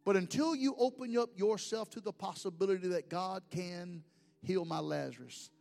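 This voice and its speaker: A man preaching a sermon as pastor, swinging between shouted lines and hushed, whispered prayers. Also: sits high, normal speed, creaky. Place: church sanctuary. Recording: long hall reverb with faint music.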